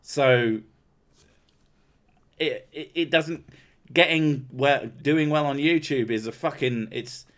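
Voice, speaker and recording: A man's voice: fairly high pitch, slow, pauses often, fairly bright tone. A man hosting a casual podcast chat, ranting and swearing freely. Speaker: podcast host.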